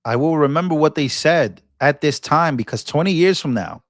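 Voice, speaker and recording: A man with a notably high speaking voice hosts his own political commentary vlog. He talks in a heated, off-the-cuff way, tripping over and repeating words, and breaks into preacher-like rebukes. The sound is close and dry with no room echo. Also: lively intonation, moderate pace. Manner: repeats and restarts words, sermon-like "I rebuke" outbursts. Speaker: political commentator and channel host. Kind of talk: impassioned casual political commentary.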